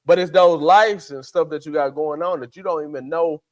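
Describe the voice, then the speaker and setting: A man's voice: on the high side, a little fast. A man, co-hosting a faith podcast in casual chat, acting out quotes in character voices. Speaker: podcast co-host.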